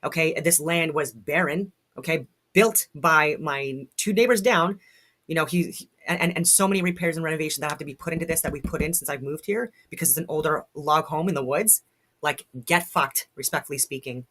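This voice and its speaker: A woman's voice: deep voice, fairly quick, a bit bright, husky. A woman vlogs from home in a blunt, fired-up voice. She swears freely and rambles, often stopping to restart a thought. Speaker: vlogger. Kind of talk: casual commentary to camera. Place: at home in a log house.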